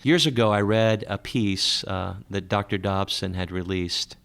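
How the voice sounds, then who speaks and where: Low gravelly male radio host. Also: unhurried, fairly bright tone. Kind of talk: radio interview.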